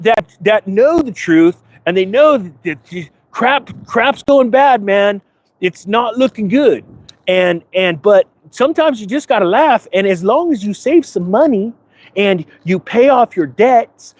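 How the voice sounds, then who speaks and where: A man doing a smug, high-voiced financial advisor. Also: exaggerated voice. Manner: sarcastic, boastful, rambling with asides. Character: smug self-important male financial advisor persona. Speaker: finance vlogger. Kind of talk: comedic persona monologue to camera. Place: outdoors in front of a big-box store.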